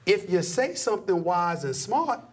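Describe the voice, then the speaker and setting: Man, impassioned, preachy, husky voice, pitch swings wildly, fairly high. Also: very animated, normal speed. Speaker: sports commentator guest. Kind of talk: emphatic conversational rant.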